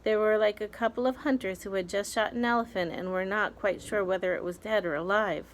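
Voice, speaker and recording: A woman's voice: medium pitch, steady tone, brisk, a little hiss or hum, low-quality recording. A woman, a teacher, reading a children's novel aloud expressively, with small slips and restarts.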